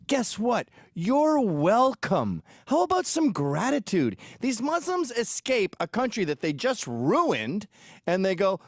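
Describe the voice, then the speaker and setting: Man, from England, commentary host, sarcastic and crude, animated pitch, dry close sound. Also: slow pace, no echo. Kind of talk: reacting to video clips, commentary.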